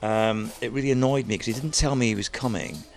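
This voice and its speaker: A man, a DJ guest, telling lively stories in a chat and mimicking other people's voices as he goes. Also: medium pitch, brisk, vocal fry. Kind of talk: animated storytelling chat.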